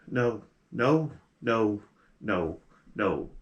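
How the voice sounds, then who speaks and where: A man voicing a frightened, drugged young woman held captive, who keeps repeating herself and rises into panicked shouting. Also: fairly low pitch, animated, drawn-out words, highs cut off. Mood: mumbling.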